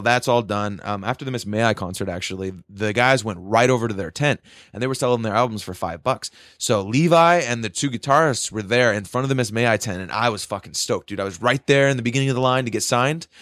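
A young man telling a concert story in casual chat, excitable and swearing, with loud quoted outbursts. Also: mid-range voice, dry recording, studio quality.

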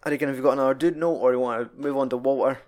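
A man's voice: medium pitch, steady tone, very fast, a little mellow. A young man, casually chatting about a film, swearing often and laughing as he retells scenes. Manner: sweary, laughing, quotes film lines in put-on voices.

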